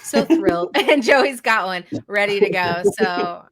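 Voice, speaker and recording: A young woman hosting a casual sports podcast, upbeat and laughing often, talking loudly into her mic. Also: medium pitch, expressive, measured pace, a loud crowd. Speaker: podcast and radio host.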